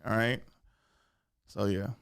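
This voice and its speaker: A man hosting a podcast in animated, profane casual chat, laughing often. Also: lowish voice, slow pace, creaky, smooth. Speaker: podcast host.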